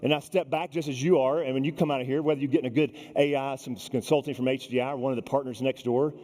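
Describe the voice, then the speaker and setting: Animated man giving a keynote in a reverberant hall. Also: medium pitch, fast. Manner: animated, addresses the audience directly and acts out quoted people. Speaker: keynote speaker. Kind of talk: storytelling keynote speech. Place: large conference hall.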